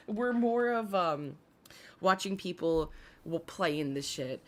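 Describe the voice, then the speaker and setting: Chatty, low-pitched woman streamer. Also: expressive, slow pace. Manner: chatty, swears freely, greets chat by name. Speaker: commentary streamer. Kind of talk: casual commentary stream.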